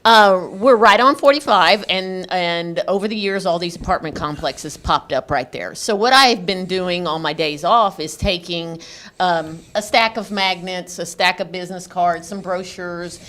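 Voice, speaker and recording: A woman's voice: lowish voice, measured pace, a bit bright. A woman, a guest on a morning radio show, talking in an easygoing, friendly way about her kennel business. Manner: friendly, easygoing, a bit self-deprecating. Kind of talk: casual radio interview. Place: radio studio.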